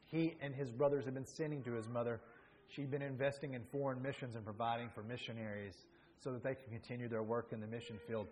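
A man's voice: mid-range voice, darkish tone, a little hiss or hum. A male pastor preaching a sermon with earnest, emphatic delivery that rises in bursts.

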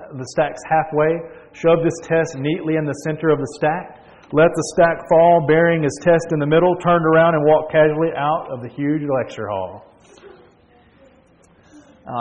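A man preaches a storytelling sermon in a voice pitched a little high, stressing points and restarting phrases as he goes. His voice carries a long reverb, as if in a large hall. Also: a little mellow. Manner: storytelling, with emphatic repeats and restarts.

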